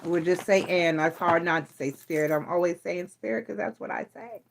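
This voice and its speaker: A woman's voice: fairly low pitch, moderate pace, gravelly, a little hiss or hum, poor audio. A woman giving a casual tarot reading in a chatty, playful, teasing way. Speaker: tarot reader.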